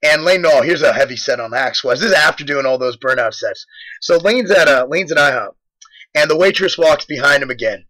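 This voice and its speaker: A man's voice: a little high, animated, fairly quick, pushed and bright, rough recording. A young man casually narrating a gym video, joking and boastful as he rambles through stories. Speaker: fitness supplement company host. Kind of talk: casual gym vlog commentary.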